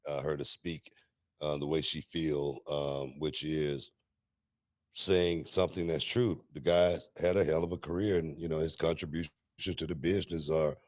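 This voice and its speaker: A middle-aged man co-hosting a casual podcast chat, relaxed and often breaking into laughter as he tells stories. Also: very deep voice, normal speed, no room sound. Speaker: co-host.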